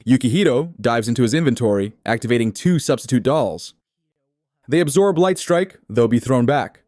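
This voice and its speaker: A man retelling a comic story in steady, scripted third-person narration. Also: mid-range voice, normal speed, no echo, clean studio sound. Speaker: recap narrator.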